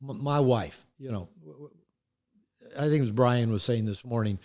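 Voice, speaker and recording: An older man who works as an author and therapist speaks frankly in an interview, telling animated stories and performing the voices of the people he quotes. His voice is medium-pitched and his speed is normal.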